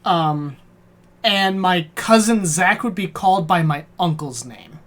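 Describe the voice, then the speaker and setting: Low-voiced woman leading casual chat. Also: animated. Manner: casual, swears, reads prompts out slowly. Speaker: game master leading a character workshop.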